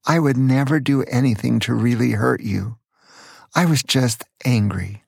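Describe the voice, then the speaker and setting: An older man voicing a mother of a small boy, strict but loving, in a gravelly voice. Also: on the high side, lively intonation, a little slow, no echo, clean studio sound. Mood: tender. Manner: stern then apologetic.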